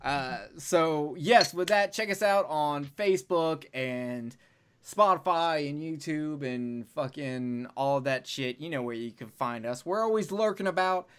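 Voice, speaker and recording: A man's voice: on the high side, unhurried, clean tone. A man hosting a podcast in casual chat, loose and profane with lots of filler words. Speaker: podcast host.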